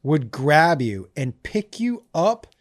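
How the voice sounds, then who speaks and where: Male podcast co-host, high and lively, casual storyteller, dry sound. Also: slow pace, no room sound. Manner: animated, swearing, bursts of high laughter.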